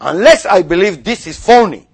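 Animated man preaching with swinging pitch. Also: moderate pace. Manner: animated, voices mock objections then drops to quiet asides. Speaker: rabbi. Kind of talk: sermon.

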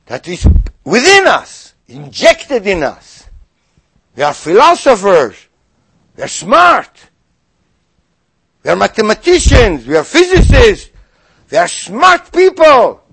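Animated man preaching with swinging pitch. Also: slightly rough. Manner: animated, voices mock objections then drops to quiet asides. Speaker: rabbi. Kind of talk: sermon.

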